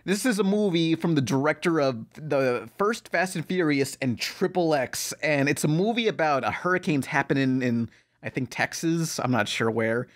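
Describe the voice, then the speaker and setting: A man's voice: a little high, animated, normal speed. A man hosting a podcast, chatting casually and rambling with profane asides. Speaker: podcast host. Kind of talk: casual chat.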